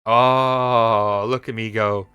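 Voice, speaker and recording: A man's voice: mid-range voice, expressive, moderate pace, bright, forceful tone, no echo, dull audio. A young man streaming a mobile game, chatting casually and joking with his viewers as he plays. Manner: playful, jokey, reads chat aloud. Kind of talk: casual gaming stream chat.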